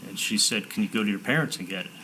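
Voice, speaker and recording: A low-pitched man with a bright, forceful voice gives courtroom testimony. He talks in halting bursts, restarting and repeating words as he retells conversations. Faint room hiss sits behind him. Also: poor audio. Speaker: defendant testifying.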